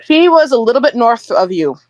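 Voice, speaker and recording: A woman narrating a tabletop game as game master, chatty and lively, with hesitant fillers and little chuckles. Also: on the high side, a little fast, muffled recording.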